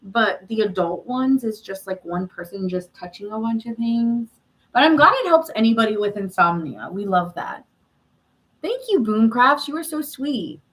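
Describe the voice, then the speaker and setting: A woman's voice: a little high, lively intonation, moderate pace, fairly bright tone, poor audio. A woman hosting a live tarot reading stream, chatting casually and answering viewer comments with frequent laughs.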